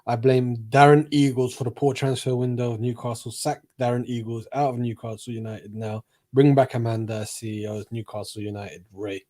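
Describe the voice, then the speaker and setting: A man's voice: mid-range voice, fairly even intonation, brisk, few pauses, dark tone. A man with a mid-range voice co-hosts a casual football chat. He reads viewer comments aloud and agrees with his partner in an easygoing way. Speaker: co-host reading viewer comments.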